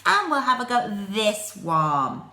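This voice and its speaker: A woman teaching phonics to young children, sounding out letters slowly and clearly, with an English accent. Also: medium pitch, big pitch swings, bright, forceful tone, echoey room.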